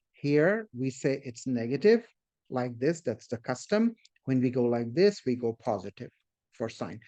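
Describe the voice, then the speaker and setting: Slightly high-voiced male math teacher. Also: mellow. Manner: explains step by step, often checks in with "okay?" and "right?"; addresses the class as "guys", invites questions. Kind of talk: classroom lecture.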